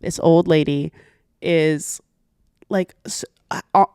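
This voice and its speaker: A woman's voice: sits low, slow, clear, resonant tone, no echo, clean studio sound. A young woman co-hosting a podcast in casual chat, telling stories with animation and teasing her friend. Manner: animated storyteller, teasing, playfully argumentative. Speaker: podcast co-host.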